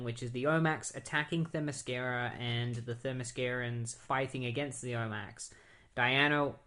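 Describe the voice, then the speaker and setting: A man's voice: mid-range voice, a bit bright. A young man with a mid-range voice recaps comics in a loose, casual way. He rambles and leans heavily on "like" and "um" as he goes. The tone is an easygoing podcast chat. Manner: rambling, fillers, says "like" a lot. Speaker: podcast host.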